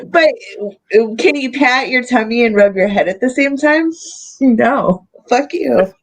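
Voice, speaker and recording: A sleep-deprived woman co-hosting a casual wrestling podcast, throwing out sarcastic, deadpan quips. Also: a little high, measured pace, poor audio. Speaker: podcast co-host. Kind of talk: casual wrestling review chat.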